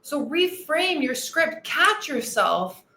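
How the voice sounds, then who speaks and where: A woman's voice: high voice, sing-song, slow, sharp tone, echoey room. A woman weight-loss coach hosting a motivational podcast monologue, enthusiastic and earnest, repeating her key phrases.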